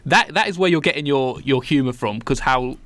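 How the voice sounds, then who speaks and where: A British man with a mid-pitched voice co-hosting a film podcast, his tone rising and falling animatedly. The sound is dry and close, with no room echo, and he laughs easily. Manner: agreeable, quick to laugh, expressive. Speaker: podcast co-host. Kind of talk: casual film review chat.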